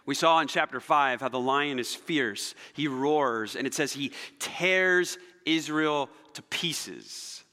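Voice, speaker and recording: A male pastor preaching a sermon, telling stories dramatically and swinging between loud emphasis and near-whispers. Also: medium pitch, slow, hardly any pauses. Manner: animated, dramatic storytelling with shifts between loud and soft. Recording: long hall reverb.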